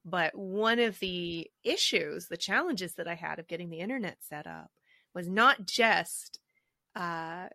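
A woman co-hosting a podcast in casual chat, telling stories in an animated, chatty way. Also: on the low side, measured pace, no room sound, studio quality. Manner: chatty storyteller, animated retelling. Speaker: podcast co-host. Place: home recording with a drink.

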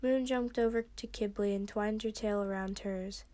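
A woman's voice: medium pitch, fairly even intonation, moderate pace, warm tone. A woman casually narrating her own fan fiction story, with slips and restarts. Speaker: podcast host reading fan fiction.

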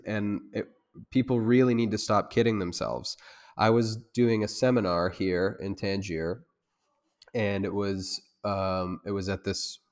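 A man who teaches self-defense, talking in a loose, rambling way with many restarts and fillers, and growing loud and heated when he makes a point. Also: lowish voice. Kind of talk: conversational interview.

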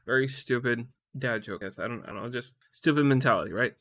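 A man's voice: medium pitch, fast, hardly any pauses, fairly bright tone. Rambling, cursing man telling a story. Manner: rambling and profane, stumbling over words. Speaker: vlogger. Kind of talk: casual storytime rant.

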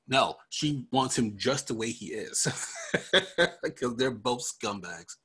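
Husky-voiced man riffing on politics. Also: mid-range voice, takes it slowly, fairly bright tone. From New York. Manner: joking, laughs often, rambling asides. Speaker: podcast host. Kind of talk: casual political commentary.

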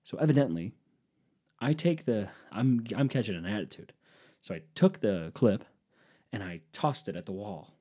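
A man's voice: on the low side, animated, moderate pace, warm tone, breathy edge. A man telling a comic personal story in a rambling, profane, self-deprecating way. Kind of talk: casual comedic storytelling.

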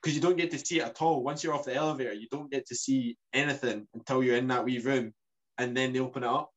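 A man's voice: medium pitch, steady tone, quick pace, low-quality recording. A man chatting casually about a trip, rambling with many restarts. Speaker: podcast co-host. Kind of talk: casual travel chat.

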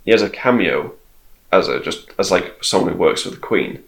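A man's voice: low voice, animated, normal speed, vocal fry, rough recording. A man co-hosting a casual film chat, rambling with lots of fillers. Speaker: podcast co-host.

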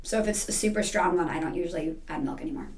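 A second-grade teacher with a fairly low voice tells stories quickly and with lots of animation during a casual interview, with crowd noise in the background.

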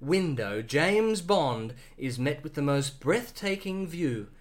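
A playful narrator tells an improvised comic tale with a lively, swinging pitch. The voice sits in a middle register. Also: takes it slowly. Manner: playful, laughs often. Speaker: storyteller.

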